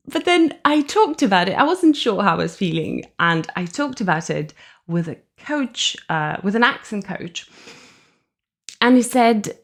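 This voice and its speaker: A woman with a Russian accent talks through her thoughts on a solo podcast. Her pitch swings widely and expressively as she reasons aloud, and she often laughs mid-sentence. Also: a little slow. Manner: thoughtful, lively, laughs often while explaining. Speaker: podcast host. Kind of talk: reflective solo podcast talk.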